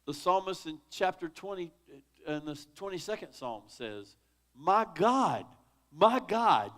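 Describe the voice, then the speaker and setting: A man's voice: high-pitched, lively intonation, slow pace, fairly bright tone. A man leading a church Bible study, teaching in a conversational, dramatic way and reading scripture with feeling. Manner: dramatic, conversational, rises sharply on quoted laments.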